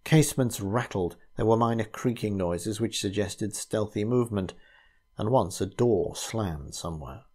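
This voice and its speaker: Man reading a spooky old story, warm mellow voice, steady. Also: fairly low pitch, measured pace. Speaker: narrator. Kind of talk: reading a ghost story aloud.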